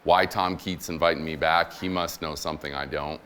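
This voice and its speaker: A man in his forties with an extremely deep voice speaks as a guest chaplain. He preaches in an easy, conversational way, adds humor, and voices the people in his stories. A faint noise floor sits under the recording. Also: fairly even intonation, moderate pace, a bit bright. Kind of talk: sermon. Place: church room with congregation.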